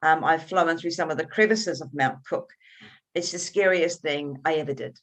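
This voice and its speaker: Woman, lowish pitch, author interview, expressive storyteller, frequent restarts. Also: moderate pace. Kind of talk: conversational interview.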